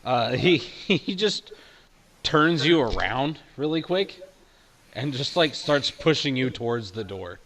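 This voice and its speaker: A man narrating as game master in a slow, unhurried way, full of "like" and "uh." He laughs easily as he describes what happens at the table. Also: mid-range voice, big pitch swings, fairly bright tone. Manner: loose, laughing, filler-heavy.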